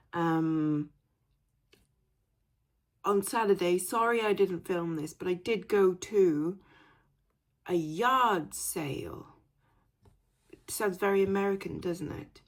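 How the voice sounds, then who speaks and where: Woman, husky, low-pitched, chatty, rambling, casual vlog. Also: a little mellow. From Wales. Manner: chatty, rambling, lots of fillers and asides. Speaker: resale vlogger.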